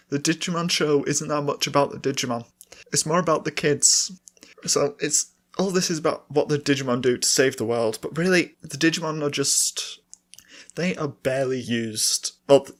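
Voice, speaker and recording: A man's voice: mid-range voice, a bit bright. A young man rambling through a casual podcast chat and laughing at himself, his throat dry and sore from talking. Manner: rambling, self-mocking, laughs often. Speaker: podcast co-host. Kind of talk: casual solo chat and singing along.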